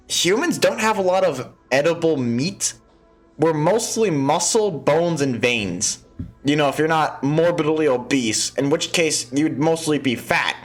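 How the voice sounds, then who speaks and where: A man's voice: fairly high pitch, lively intonation, a little slow, faint music behind. A man hosting a gaming video, talking through a game with profane jokes and frequent laughter. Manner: profane, joking, laughs often. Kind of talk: let's play commentary.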